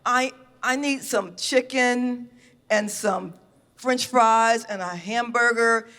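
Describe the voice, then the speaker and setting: American woman telling a funny true story on stage, kinda high voice, lots of laughing, hall reverb. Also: slow. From United States. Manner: animated and laughing, acting out her own reactions. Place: stage in a venue.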